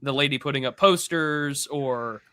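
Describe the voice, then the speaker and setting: A man's voice: medium pitch, sharp tone, clear, resonant tone, dry recording. A man co-hosting a podcast in casual, rambling chat, swearing freely. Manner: rambling, profane, quick asides. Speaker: podcast co-host.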